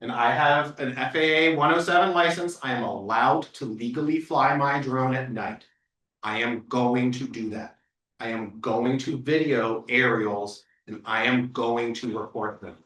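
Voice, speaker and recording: A man's voice: medium pitch, unhurried, fairly bright tone. Earnest man at a distant echoey meeting. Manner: earnest, blunt, emphatic. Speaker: meeting organizer. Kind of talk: community meeting discussion. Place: community meeting room. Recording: echoey room from far off.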